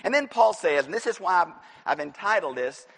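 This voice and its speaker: A man preaching an expository sermon in a church, animated and emphatic, breaking into shouts at his high points. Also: fairly quick. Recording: echoey hall reverb.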